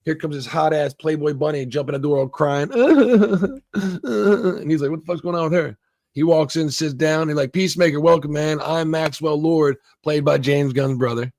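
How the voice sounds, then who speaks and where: A man with a somewhat high, gravelly voice rambles through a casual episode review, swearing freely and slipping into bits of the characters' dialogue. The sound is close and dry, with no room around it. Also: steady tone, normal speed, a little mellow, dry recording. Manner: rambling, swears a lot, acts out quoted lines. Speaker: show reviewer. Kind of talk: casual profane recap and review.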